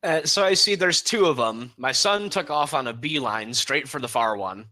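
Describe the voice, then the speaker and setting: A man with a bright, forceful voice talks through his turn in a tabletop game. He is laid-back and slangy and swears offhandedly. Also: mid-range voice, expressive, normal speed, slight background noise. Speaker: player. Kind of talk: casual tabletop chat.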